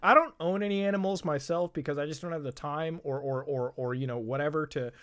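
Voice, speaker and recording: A man's voice: fairly high pitch, brisk, a bit bright, clear, resonant tone. A male host giving an online commentary rant, heated, profane and sarcastic, talking straight to his viewers. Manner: chatty, addresses viewers directly.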